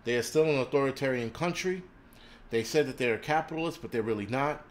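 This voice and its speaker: Speaking a bit quickly at medium pitch, a prepping-channel host rants crudely on a livestream, swearing all the time and picking fights. It's recorded indoors in a city, with a faint hiss or hum.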